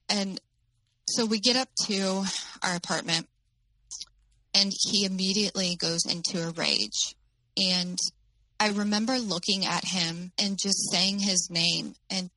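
A woman telling her own story as an interview guest, in a halting way with many fillers. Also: on the low side, steady tone, bright, forceful tone, no echo, poor audio.

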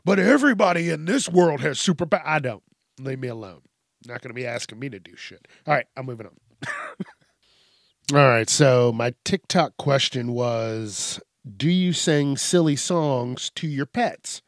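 A man's voice: medium pitch, big pitch swings, measured pace, no echo, clean studio sound. A man hosting a solo podcast, rambling casually with a lot of swearing and laughing at his own tangents. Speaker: podcast host.

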